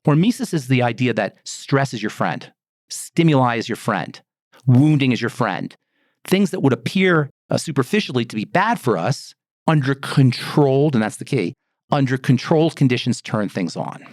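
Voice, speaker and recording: A middle-aged man, a pharmacist and skin care formulator, explaining in a lively podcast talk, asking rhetorical questions and acting out exclamations. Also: medium pitch, moderate pace, no room sound, studio quality. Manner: animated, rhetorical, acts out exclamations.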